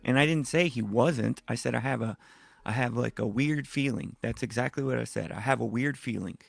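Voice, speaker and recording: A man co-hosting a podcast in casual chat, teasing with deadpan jokes. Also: mid-range voice, fairly quick, gravelly, dry recording. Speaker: podcast co-host.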